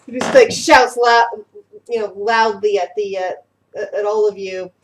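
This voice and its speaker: A woman's voice: medium pitch, steady tone, measured pace, poor audio. A woman running a tabletop game as game master, describing scenes with many fillers and restarts.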